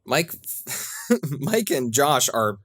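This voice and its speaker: A man's voice: mid-range voice, sing-song, very slow, fairly bright tone, no echo, clean studio sound. A man co-hosting a podcast, chatting casually and enthusiastically about a film. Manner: enthusiastic, laughs often. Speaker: podcast co-host. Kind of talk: casual film review chat.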